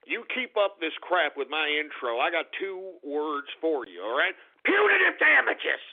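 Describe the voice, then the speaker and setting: A man's voice: fairly high pitch, big pitch swings, moderate pace. A man hosting a call-in radio show, ranting profanely and sounding exasperated at his callers. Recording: tinny phone-like sound.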